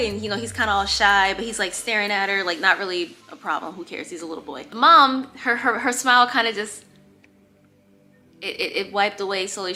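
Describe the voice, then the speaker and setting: A young woman telling a dating story in a casual, animated way, acting out the quotes and swearing freely. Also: medium pitch. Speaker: storytime vlogger.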